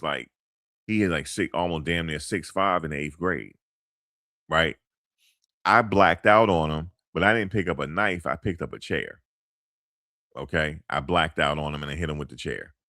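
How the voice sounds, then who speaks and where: Middle-aged man, very low voice, dry close mic, loose slang-heavy monologue full of restarts. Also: moderate pace, fairly bright tone, no echo. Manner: loose, rambling, street slang with many fillers and restarts. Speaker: commentator. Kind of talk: casual storytelling monologue.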